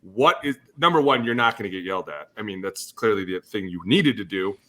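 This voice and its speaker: A man's voice: on the low side, animated, fairly quick, sharp tone. A man who is a former lineman, co-hosting a sports podcast, talking bluntly and acting out players and coaches. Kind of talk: casual sports talk.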